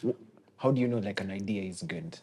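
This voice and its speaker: A man's voice: on the low side, quick pace, crowd noise. A Kenyan man hosting a podcast, asking questions casually and backing his guest with frequent yeahs. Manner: relaxed, affirming, frequent "yeah" back-channels. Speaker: podcast host. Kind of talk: casual interview.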